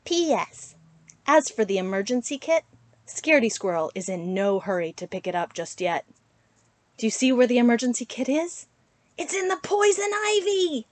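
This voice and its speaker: A woman reading a children's picture book aloud in a slow, expressive storytelling voice. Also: dry recording. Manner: slow, expressive read-aloud with big pitch swings.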